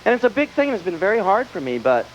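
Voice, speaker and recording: A man's voice: high voice, very animated, quick pace. A man from the Southern US with a Southern accent, doing stand-up comedy on a music hall stage with a wry, punchy delivery and acted asides. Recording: dull VHS tape with audience noise. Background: live audience laughter.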